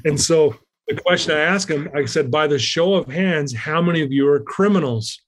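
A man's voice: fairly high pitch, moderate pace, a little hiss or hum. A middle-aged man telling a story as a podcast guest, acting out his own quotes with animation. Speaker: guest speaker.

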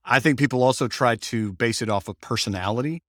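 A man hosting a casual podcast about dog training, asking guiding questions and telling relaxed anecdotes. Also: medium pitch, a little fast, dry recording, studio quality.

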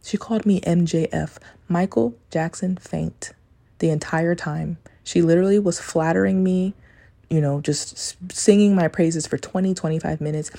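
Mellow low-voiced woman, candid. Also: steady tone, moderate pace, creaky. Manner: candid, swears freely, rambling asides. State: talking low to stay quiet. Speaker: podcast host. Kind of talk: casual confessional monologue.

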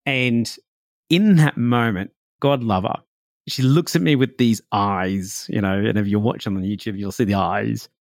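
A man hosting a podcast, telling a personal story in a relaxed, reflective way, full of "like" and "you know". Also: fairly low pitch, measured pace, no room sound, studio quality. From Australia. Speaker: podcast host.

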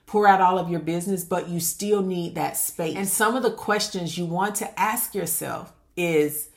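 A woman's voice: fairly low pitch, normal speed, vocal fry. A woman coaching successful women on marriage, speaking emphatically and asking many rhetorical questions. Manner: calls listener "honey". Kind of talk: motivational monologue.

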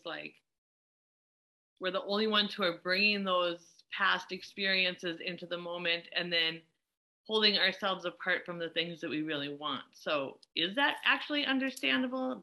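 A woman's voice: lowish voice, moderate pace, sharp tone, rough recording. A woman in casual conversation who speaks emphatically and poses questions.

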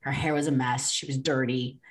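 Low-voiced woman telling a lively story. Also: moderate pace. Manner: animated, with fillers and reenacted dialogue. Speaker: podcast guest. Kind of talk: casual storytelling testimony.

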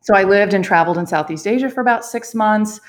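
A woman's voice: medium pitch, fast talker. A young adult woman, a doctor, casually telling a personal story, laughing often and acting out what people said. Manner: animated, laughs often, acts out quoted lines. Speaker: physician telling her story.

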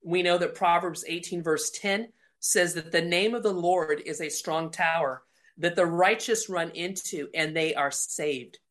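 A woman's voice: on the low side, a little slow. A middle-aged woman from Colorado, a guest telling a personal faith story and acting out the voices in it. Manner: lively storyteller acting out quotes.

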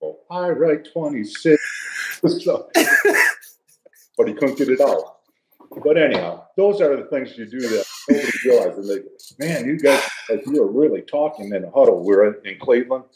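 A man's voice: mid-range voice, expressive, moderate pace, warm tone, reverberant, poor audio. An older man telling funny stories from his playing days in a casual, laughing way. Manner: jokey, laughing storyteller. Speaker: guest, retired football player. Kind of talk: casual storytelling.

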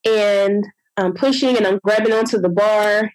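A woman telling a personal story in casual conversation, animated and acting out what others said. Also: medium pitch, normal speed, no echo, low-quality recording. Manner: animated, re-enacts others with lively quoted voices. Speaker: guest sharing a personal story.

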